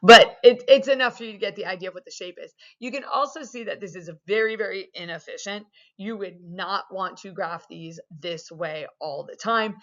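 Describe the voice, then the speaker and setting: Chatty woman math teacher, lo-fi recording. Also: on the low side. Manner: casual, chatty explaining with many fillers. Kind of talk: recorded video lesson. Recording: dull lo-fi sound.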